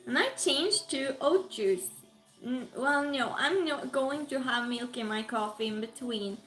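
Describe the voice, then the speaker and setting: In an echoey home room with quiet music in the background, a livestream host chats at an easy pace. Her voice is high, and her British English carries a hint of Norwegian. She says hello to each viewer in turn and reads their comments aloud.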